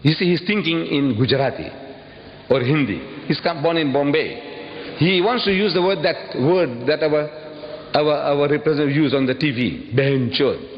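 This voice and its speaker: A man giving an impassioned public lecture, emphatic and full of rhetorical questions, his voice leaping into sudden high bursts. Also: normal speed. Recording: dull old recording, long hall reverb, faint hiss.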